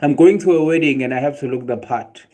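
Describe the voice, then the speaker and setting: A man's voice: medium pitch, brisk. A South African man with a South African accent, chatting casually on a livestream, ranting and joking with his viewers. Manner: animated ranting, swearing and laughing at chat.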